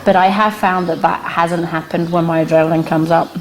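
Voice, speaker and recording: A middle-aged woman teaching a workshop, telling a personal anecdote to the group with lots of laughter and sudden high-pitched punchlines. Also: brisk, a little hiss or hum. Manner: lively, laughing storyteller who jumps high in pitch at punchlines. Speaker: animal communication workshop teacher. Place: workshop room with a small audience.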